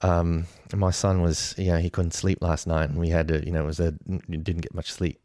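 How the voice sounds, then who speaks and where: A man's voice: deep voice, level tone, moderate pace, mellow, dry recording, clean studio sound, natural voice. A man putting on an Australian accent to voice a tired, sleepless male coworker who mumbles and trails off. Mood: weary. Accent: attempted Australian. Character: exhausted sleepless male Australian office worker.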